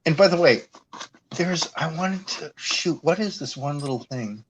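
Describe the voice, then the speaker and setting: A man from Massachusetts in casual chat, animated and effusive, often laughing as he talks. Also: a little high, normal speed, crowd noise, low-quality recording. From Worcester, Massachusetts. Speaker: chat participant.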